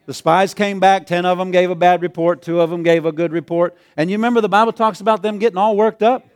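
Male pastor, high voice, chuckly sermon delivery, calls for amens. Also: fairly even intonation, fast. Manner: chuckling, call-and-response.

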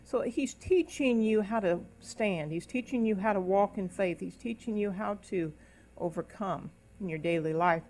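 A woman's voice: medium pitch, moderate pace, darkish tone, slight background noise. Middle-aged woman pastor preaching, preacherly and emphatic, breaks into tongues. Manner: preacherly, speaks in tongues, rises into emphatic calls. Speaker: minister. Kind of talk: sermon. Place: church service.

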